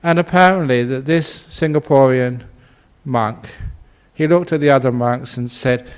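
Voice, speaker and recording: A man who is a Buddhist monk and teacher, telling a humorous story in a dharma talk. He talks in a relaxed, conversational way with many "you know"s and chuckles often at his own tale. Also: medium pitch, unhurried, clean tone.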